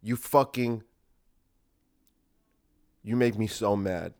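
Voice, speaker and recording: A man's voice: on the low side, takes it slowly, a little mellow. Podcast guy ranting alone, sarcastic and swearing a lot. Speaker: podcast host. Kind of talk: solo podcast rant.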